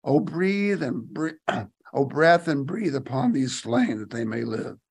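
A man's voice: medium pitch, lively intonation, moderate pace, gravelly, breathy edge. A man leading a Bible study, reading scripture aloud and commenting on it in casual asides, rising emphatically on key phrases. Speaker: Bible teacher.

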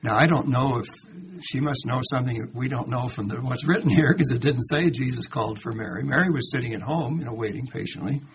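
A man's voice: mid-range voice, quick pace, hardly any pauses, a crowd in the background. Man teaching scripture on a dull lo-fi recording. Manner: reads verses aloud then comments with rhetorical questions; dramatizes quoted lines in a lively voice. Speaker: Bible teacher. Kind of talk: conversational Bible study sermon. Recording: dull lo-fi recording with faint background noise.

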